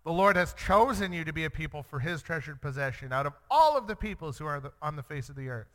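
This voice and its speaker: A man, a young father, teaching through a Bible passage in an earnest way, acting out the quoted lines with sudden jumps in pitch. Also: lively intonation, fast, a bit bright. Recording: long reverb.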